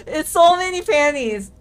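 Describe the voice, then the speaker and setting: A young woman streaming games, chatting loudly, swearing and laughing a lot. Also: very high-pitched. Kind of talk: livestream gaming commentary.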